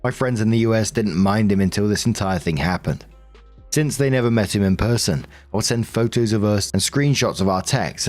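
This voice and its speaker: A man narrating online relationship stories in an even reading voice. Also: fairly low pitch. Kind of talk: scripted narration. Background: faint background music.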